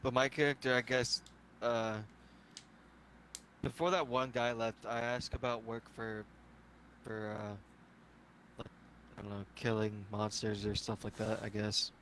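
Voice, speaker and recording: A man's voice: fairly low pitch, level tone, unhurried, pauses often, fairly bright tone, a little hiss or hum. A man playing a tabletop game, speaking hesitantly with many fillers. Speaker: player. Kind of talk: casual tabletop game play.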